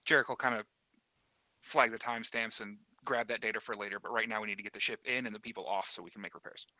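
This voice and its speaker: A man playing in a tabletop game, casually talking through what his character will do. His voice sits fairly low but has a very bright, forceful edge. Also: steady tone, fast talker, no echo, poor audio. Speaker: player.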